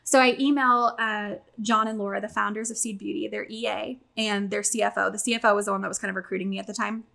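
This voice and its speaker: A young adult woman telling a long story in casual chat, animated and swearing, acting out quotes. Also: medium pitch, fast, vocal fry.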